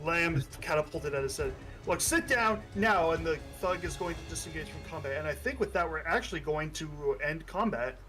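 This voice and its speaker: A man narrating as game master of a tabletop game, jumping into shouted guard voices. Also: fairly high pitch, fairly quick, few pauses, soft background music, rough recording.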